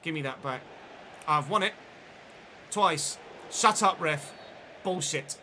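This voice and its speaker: A slightly high-voiced man streams a football video game at a slow pace, calling the action live in a pushed, bright tone. He swears a lot and bursts out in frustration, with slight background noise.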